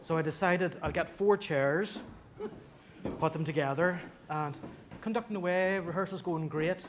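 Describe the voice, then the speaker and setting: A man's voice: a little high, unhurried. Man conductor, hissy live church recording. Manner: self-deprecating anecdote. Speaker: choir conductor. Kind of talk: speaking to a live audience between songs. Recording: live concert recording with clear hiss.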